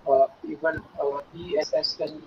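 A man's voice: fairly high pitch, flat delivery, normal speed, a crowd in the background. A man, a student in an online class, answering hesitantly with many fillers and politely addressing the teacher as ma'am. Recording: dull noisy call audio.

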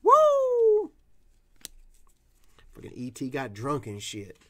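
The host, a man from Tennessee, has a fairly high, bright, animated voice and talks a little slowly while opening cards on a casual live stream, keeping things rowdy, profane and full of whooping.

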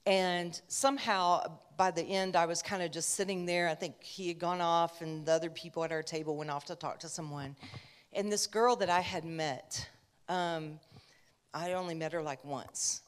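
A woman's voice: on the low side, steady tone, normal speed. A woman preacher giving a conversational sermon, telling a personal story with chatty asides.

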